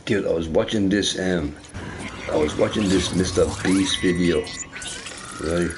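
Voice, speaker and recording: A man's voice: deep voice, a little slow, over music. A man streaming a game, chatting casually in a rambling way, often tagging on "right?" and swearing. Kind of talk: casual chat while gaming. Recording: noisy recording with game sound behind.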